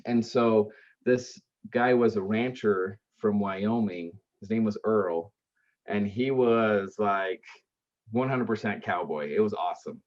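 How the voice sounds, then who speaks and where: A man's voice: lowish voice, slow pace, darkish tone. A man being interviewed on a podcast, telling earnest stories about helping grieving families, with many fillers and restarts. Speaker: guest, aftercare service founder. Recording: dull lo-fi sound.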